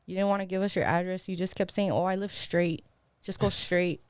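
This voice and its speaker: A woman's voice: fairly low pitch, flat delivery, fairly quick, clean tone, dry recording. A young woman co-hosting a podcast who tells a story in loose, laughing chat, swearing freely and leaning on "like". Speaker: podcast co-host. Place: podcast studio.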